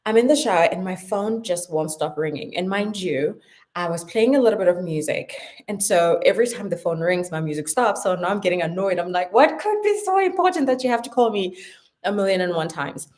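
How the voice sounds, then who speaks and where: A young woman with a South African accent chatting casually to camera at home in an animated, playful way. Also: on the low side, brisk. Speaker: vlogger. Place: her home.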